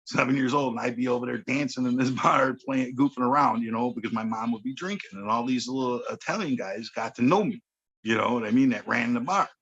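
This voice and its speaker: A man's voice: mid-range voice, brisk, fairly bright tone, breathy edge, lo-fi sound. A man, telling a street story on a podcast in a blunt, profane way, often checking in with "okay.". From Chicago. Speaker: podcast guest. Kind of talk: casual storytelling chat.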